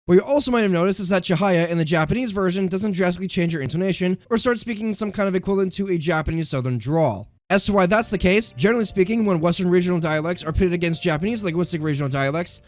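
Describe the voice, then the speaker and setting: Brisk, high-voiced man narrating. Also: faint music behind. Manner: brisk, emphatic. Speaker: video essay host. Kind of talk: scripted narration.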